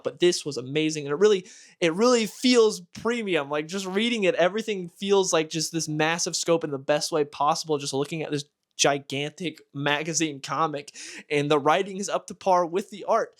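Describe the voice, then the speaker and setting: Young male vlog host, slightly high voice, enthusiastic comic reviewer. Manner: enthusiastic, gushing.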